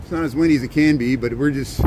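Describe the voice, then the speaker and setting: Talking fast in a mid-range voice, a man livestreams a casual city walking tour on a cold, windy street. He rambles as he walks and answers viewers along the way.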